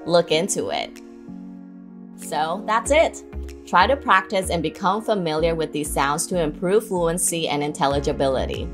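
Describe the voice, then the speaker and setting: A woman giving scripted instruction on English pronunciation, saying example words slowly and clearly to model them. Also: low voice, animated, soft background music.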